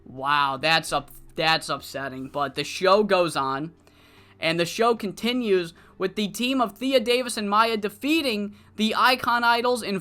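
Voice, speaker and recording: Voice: mid-range voice, bright, forceful tone. A narrator casually recapping the results of a wrestling management game, with the odd curse word. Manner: casual, recapping, mildly profane. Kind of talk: let's play commentary of a wrestling management sim.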